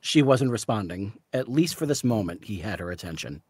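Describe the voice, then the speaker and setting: A man's voice: lowish voice, lively intonation, a little fast, a little mellow, slightly rough, no room sound. Man narrating a novel aloud. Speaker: author reading. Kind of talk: live reading of a novel's narration.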